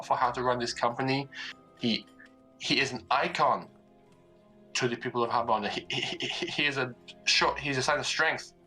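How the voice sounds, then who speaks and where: A man's voice: medium pitch, sharp tone, lightly acted, low-quality recording. A man voicing a stressed businessman father who stammers and halts constantly. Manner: heavy stammer, halting.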